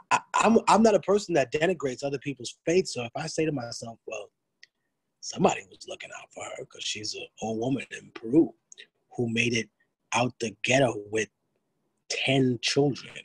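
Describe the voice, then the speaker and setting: A man's voice: medium pitch, husky, no echo, rough recording. A man, giving a blunt, streetwise lecture to students, with frequent profanity and restarts. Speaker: guest lecturer.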